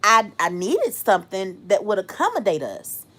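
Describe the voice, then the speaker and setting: A woman's voice: medium pitch, huge pitch swings, moderate pace, a bit bright. A woman hosting a live stream, casually telling a story to her chat, laughing often and acting out the voices of people she quotes.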